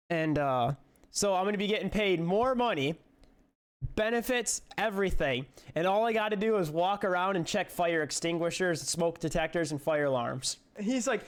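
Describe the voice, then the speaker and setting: High-voiced young man, rambling and swearing. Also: normal speed. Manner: swearing, rambling, laughs often. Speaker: vlogger. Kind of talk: casual storytelling.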